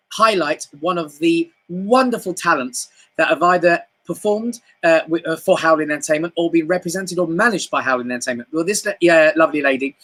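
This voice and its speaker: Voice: medium pitch, a bit bright. A talk show host chatting and introducing acts, friendly with many fillers.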